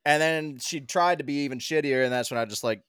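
A man chatting casually on a podcast, relaxed and joking, with some swearing. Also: fairly high pitch, fast, smooth, no room sound, clean studio sound. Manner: laid-back, joking, profane. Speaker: podcast co-host. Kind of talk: casual chat.

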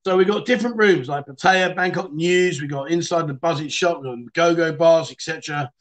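Chatty high-voiced man telling cheeky stories. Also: a little fast, fairly bright tone. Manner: chatty, cheeky storyteller who laughs as he goes. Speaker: livestream chat show host. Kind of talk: casual livestream chat, reading out viewer stories.

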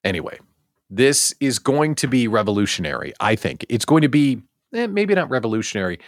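A man hosting a livestream talk show, joking and animated, often throwing rhetorical questions at his viewers. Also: mid-range voice, a little fast, no echo, clean studio sound. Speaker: host.

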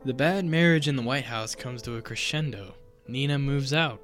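A podcast co-host in casual chat, laid-back and jokey, reading notes in a flat voice at times. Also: medium pitch, moderate pace, soft background music.

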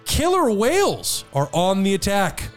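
High-voiced, animated male podcast host. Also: a little slow, faint music behind. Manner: laughs often, reads news items then riffs. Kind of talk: casual news-discussion banter.

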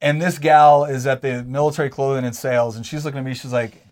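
A man's voice: medium pitch, steady tone, quick pace. Chatty man in his forties telling stories. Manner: chatty, self-deprecating, laughs through stories. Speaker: co-host telling his story. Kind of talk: casual conversational storytelling.

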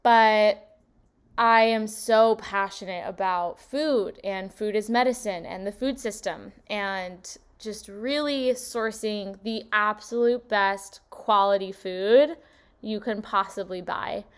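A young woman in her twenties talks through her solo podcast in a smooth, clear voice. She is bubbly and effusive and keeps gushing with wonder, while her speech stays unhurried. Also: mid-range voice. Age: 20s. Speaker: podcast host. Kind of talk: casual solo podcast monologue.

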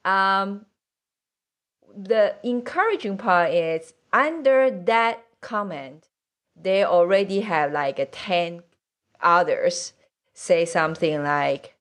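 A woman in her late forties with a mixed accent, hosting a podcast and chatting casually, halting with many fillers and frequent laughter. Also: medium pitch, a bit bright. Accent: mixed accent from several places. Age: 40s. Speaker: podcast host. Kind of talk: casual conversational interview.

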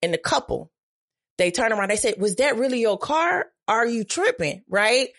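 A woman tells a story as a podcast guest. She swears freely and acts out each quoted line, her voice leaping up for the drama. Her delivery is lively and blunt. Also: normal speed. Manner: profane, dramatic, acts out quotes with big pitch jumps. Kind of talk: animated storytelling.

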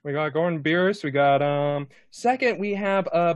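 A man's voice: fairly high pitch, normal speed, clear, resonant tone, no echo, clean studio sound. A man hosting and running a tabletop game stream in a casual, jokey, playful way. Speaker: dungeon master and host. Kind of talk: casual live-stream chat.

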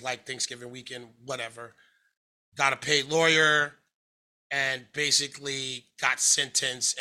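A man from the United States with a rather high, very bright voice tells his own story in an interview. He talks loosely, with lots of "like", restarts and acted-out quotes, and his tone carries a sharp edge. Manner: conversational, frequent fillers and self-corrections, acts out quoted speech. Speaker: interview guest. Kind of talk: candid personal storytelling.

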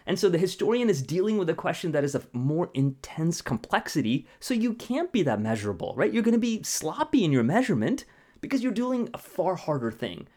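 A man's voice: on the high side, fairly quick. A man, a mathematician, explaining ideas conversationally with analogies, often checking in with a rhetorical "right?". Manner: animated, asks rhetorical questions and tags "right?". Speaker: mathematician guest.

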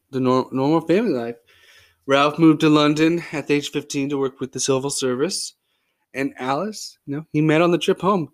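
Male podcast host, slightly high voice, goofy and joking, loose chatty storyteller. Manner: jokey and goofy, with playful tall tales; loose and chatty, with frequent fillers.

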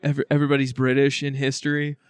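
A man's voice: mid-range voice, completely flat delivery, quick pace, clean tone, no echo. A man hosting a podcast in casual chat, laughing often and swearing freely.

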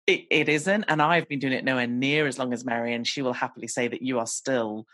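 A husky-voiced woman in her forties speaks frankly and pokes fun at herself in a relaxed podcast conversation. Her voice is close and dry on the mic, with little room sound. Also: very deep voice, fairly quick, no room sound. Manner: candid, self-deprecating and chatty. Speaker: podcast guest. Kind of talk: casual conversation.

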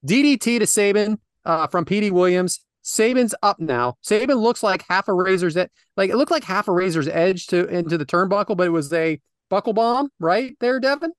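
A man's voice: sits high, expressive, normal speed, hardly any pauses, clear, resonant tone, no room sound, studio quality. A man hosting a casual podcast, loose and joking, laughing often and cursing casually. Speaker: podcast host.

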